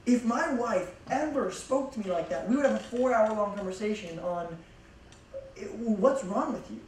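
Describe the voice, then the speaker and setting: A man's voice: sits high, expressive, normal speed. A young youth pastor gives a laid-back, jokey but emphatic sermon. His voice rings around a big echoing church hall and is picked up from a distance. A faint hiss runs underneath. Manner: casual, joking, emphatic. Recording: echoey hall from far off.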